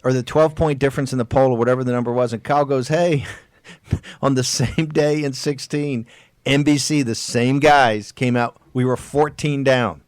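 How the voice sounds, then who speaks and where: A man hosting a political talk radio show, exhorting his listeners with emphatic, drawn-out stressed words and frequent restarts. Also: medium pitch, steady tone, clear, resonant tone, no echo, studio quality.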